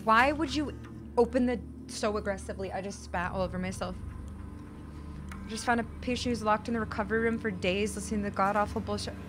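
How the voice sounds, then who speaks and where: A woman's voice: medium pitch, fast talker. A young woman from the USA live-streaming a horror game, chatting to viewers and yelping and swearing when startled. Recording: game music behind the voice.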